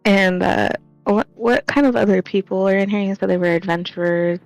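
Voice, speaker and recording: A woman's voice: medium pitch, fairly quick, no room sound, poor audio. Casual, giggly female player; dry, close mic. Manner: giggly, uses "like" often. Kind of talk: casual tabletop game play. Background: background music.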